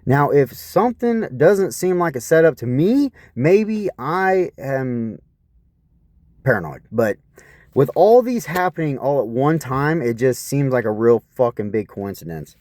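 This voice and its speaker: Guy venting a rambling story, swears a lot, pitch jumps all over, dark mellow voice. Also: sing-song, unhurried, dry recording. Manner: aggrieved, profane, repeatedly asks what is wrong with people. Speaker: vlogger. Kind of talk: rambling personal account.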